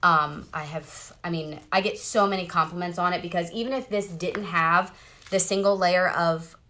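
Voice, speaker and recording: A woman's voice: on the low side, fairly even intonation, moderate pace, sharp tone, slight background noise. A woman, chatting bubbly and direct to viewers during a casual live makeup tutorial, sitting in a car. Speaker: makeup seller doing a live demo. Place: parked car.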